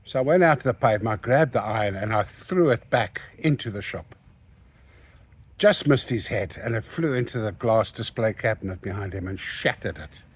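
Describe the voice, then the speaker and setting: A man's voice: fairly low pitch, moderate pace, breathy edge. An older man, an interview guest who tells stories and acts out the voices of the people in them. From South Africa. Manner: animated, acts out the quoted lines. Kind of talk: anecdotal storytelling.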